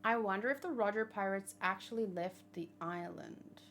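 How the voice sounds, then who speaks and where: A woman hosting a manga read-along, giving chatty and excitable commentary and swearing casually. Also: mid-range voice, moderate pace, a little hiss or hum.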